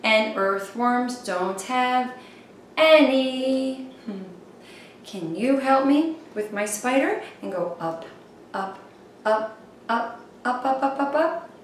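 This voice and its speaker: A woman leads songs and finger rhymes for small children, singing and chatting in a playful voice with little whoops. She talks slowly and sits a little high. Her voice comes from a bit away from the mic, in a strongly echoing room. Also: animated, recorded from a distance, a little hiss or hum. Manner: playful, sing-song, exclaims little whoops. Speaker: children's show host. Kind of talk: singing and rhyming for young children.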